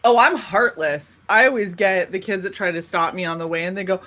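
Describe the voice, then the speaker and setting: A woman's voice: medium pitch, a little fast. A young woman hosting a casual panel chat, telling stories with lots of laughter and acted-out quoted voices. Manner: animated storyteller, laughs often, acts out quoted voices. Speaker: podcast host.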